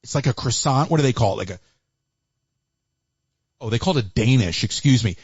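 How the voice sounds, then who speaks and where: A man hosting a live call-in stream, chatty and animated, with Yiddish asides. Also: mid-range voice, brisk, breathy edge, no echo. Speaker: livestream host taking calls. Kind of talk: casual chat. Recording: dull lo-fi livestream audio.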